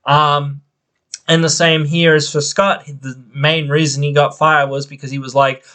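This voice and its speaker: A man's voice: fairly high pitch, flat delivery, a little slow, pushed and bright. A man hosting a wrestling podcast, venting in a rambling, frustrated way. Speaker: podcast host. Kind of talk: casual opinion podcast.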